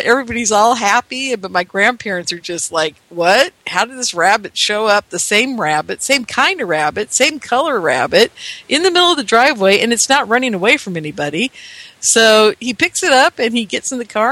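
Man in his fifties, rambling and earnest, high-pitched, bright tone. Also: no echo. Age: 50s. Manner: rambling, earnest, repeats himself with many fillers. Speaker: storyteller. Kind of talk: casual spoken storytelling.

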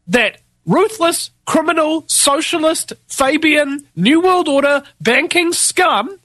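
Male New Zealander, political commentator, bright and tense voice, dry close sound, angry sarcastic monologue. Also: high-pitched, dry recording. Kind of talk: ranting monologue.

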